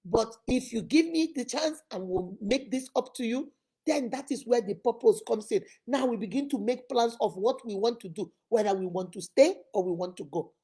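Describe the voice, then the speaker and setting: A woman's voice: a little high, moderate pace, warm tone, breathy edge. A woman with a Nigerian accent giving emphatic relationship advice to camera, acting out quoted people as she goes. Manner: emphatic, preachy, mimics people with voices.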